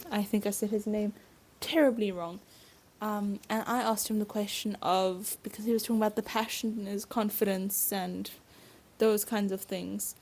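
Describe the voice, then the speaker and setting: A woman's voice: medium pitch, darkish tone. A woman hosting her own podcast, a stage performer talking casually and reflectively with frequent asides and laughs.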